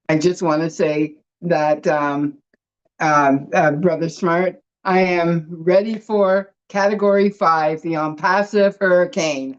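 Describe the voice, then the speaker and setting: Woman, lowish voice, emotional and effusive, muffled phone audio. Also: a little mellow. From Canada. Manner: emotional, effusive, many fillers and restarts. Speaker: webinar panelist. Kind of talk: heartfelt casual speech to an online group.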